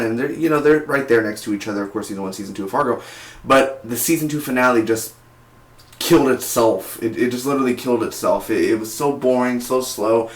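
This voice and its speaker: Guy ranting about a tv finale, rambly and hyped, echoey room. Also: medium pitch. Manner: rambling and excitable, peppered with "man" and "like". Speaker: TV review vlogger. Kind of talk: casual episode review.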